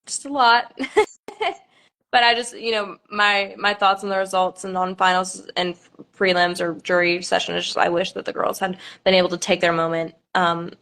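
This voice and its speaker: A woman in her twenties talks casually to viewers on a livestream. She speaks in a halting way, full of ums and small nervous laughs. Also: lowish voice, little pitch movement, fairly bright tone. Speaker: pageant contestant.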